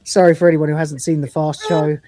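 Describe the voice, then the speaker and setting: A man's voice: on the high side, little pitch movement, a little fast, mellow, soft background music. A man in his forties co-hosting a casual live episode review, crude and swearing, often breaking into laughter. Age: 40s. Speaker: podcast co-host reviewing episodes.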